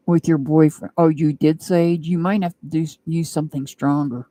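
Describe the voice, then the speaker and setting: A woman's voice: deep voice, fairly even intonation, moderate pace, few pauses, warm tone, no echo. A woman doing a live-stream tarot reading, chatting and rambling with her viewers and laughing often. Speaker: tarot reader.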